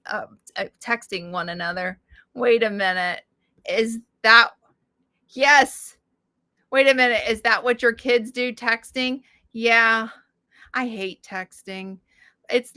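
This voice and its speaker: A woman's voice: mid-range voice, sharp tone, smooth. A middle-aged woman hosting a casual livestream chat, rambling with many fillers and restarts and laughing often. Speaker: livestream host.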